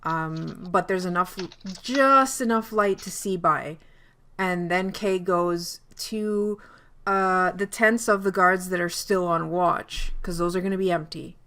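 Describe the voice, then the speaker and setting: A woman's voice: on the low side, steady tone, slow pace, fairly bright tone. Woman plotting a scheme in a tabletop game. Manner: scheming, spelling out plans step by step. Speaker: player.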